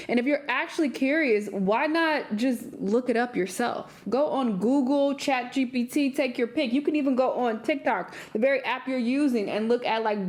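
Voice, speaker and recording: A woman's voice: on the high side, a little mellow. A young woman hosting a reaction video, talking bluntly and casually, swearing, laughing and mimicking the people she discusses.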